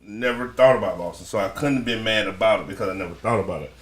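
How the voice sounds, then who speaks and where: A man co-hosting a casual talk show, telling animated stories and doing the voices of the people in them. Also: on the low side, quick pace, roomy sound. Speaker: co-host. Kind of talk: casual chat.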